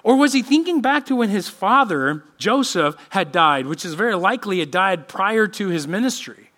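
A male pastor preaching with a high, bright voice that swings widely in pitch. He reads scripture aloud and slips into quick voices for the people he quotes. His delivery is expressive, rising and falling with emphasis. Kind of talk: sermon. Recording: church podcast sermon.

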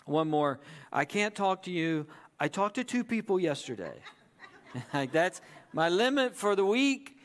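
A man's voice: high-pitched, sing-song, a little slow. A man preaching a sermon in a conversational way, often checking in with the audience. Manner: conversational, repeats "right?" to the audience. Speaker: pastor.

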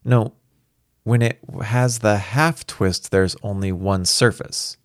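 Deep-voiced man reading a story. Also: steady tone, slow pace, dry recording, studio quality. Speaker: audiobook narrator. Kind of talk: first-person storybook narration.

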